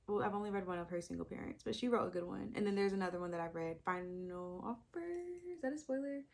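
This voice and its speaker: Chatty young woman thinking aloud. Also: medium pitch. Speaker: book vlogger. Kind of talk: casual chat.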